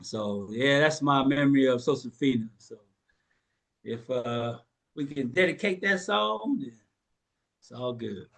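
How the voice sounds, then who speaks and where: A man's voice: medium pitch, lively intonation, a little slow, vocal fry, long pauses, a bit bright. Laid-back man telling a funny story. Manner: laid-back, joking, laughs often. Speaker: host. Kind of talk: casual storytelling.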